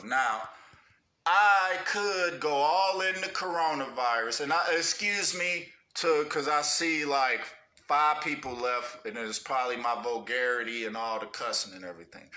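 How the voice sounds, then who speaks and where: A man's voice: mid-range voice, sharp tone, roomy sound. A man hosting a livestream rant, angry and profane, talking street slang and cussing at viewers. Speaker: livestream host. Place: indoors at home.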